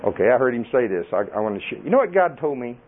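A middle-aged man, preaching a folksy, animated sermon and laughing often. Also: medium pitch, racing, a little hiss or hum. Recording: tinny phone-like audio.

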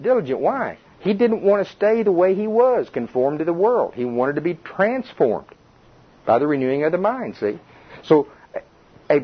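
Guy preaching, husky voice, lively ups and downs, kinda muffled lo-fi tape. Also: fairly high pitch. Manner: animated, conversational, quizzes the congregation. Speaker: pastor. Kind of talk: informal sermon.

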